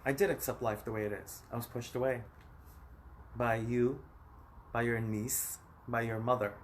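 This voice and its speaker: A man's voice: medium pitch, steady tone, moderate pace, a little hiss or hum. Rambling, emphatic man in his thirties. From United States. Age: 30s. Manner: rambling, emphatic, talks straight at the viewer. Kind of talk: personal vlog monologue. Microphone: phone.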